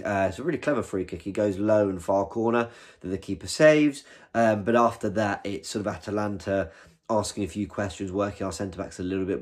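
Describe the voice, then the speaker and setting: A man with a slightly low voice talks through a football match in a relaxed, candid way. He often restarts his sentences mid-thought and gets excited when he praises a save. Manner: chatty, candid, with frequent restarts. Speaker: football fan channel host. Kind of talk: casual post-match review to camera.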